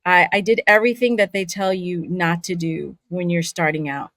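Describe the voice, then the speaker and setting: A woman's voice: fairly low pitch, normal speed, no echo. A woman voice actor who grew up between California, Saudi Arabia and Scotland, telling stories expressively in a casual interview. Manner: expressive storyteller, laughs often. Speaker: voice actor guest.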